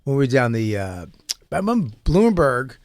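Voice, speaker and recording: A man of middle pitch tells comic stories with a lively, swinging voice. He swears freely and acts out the people in them, on a dry close mic. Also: normal speed, dry recording. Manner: acts out voices, profane, big shifts in pitch. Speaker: podcast co-host. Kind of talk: animated comedic storytelling.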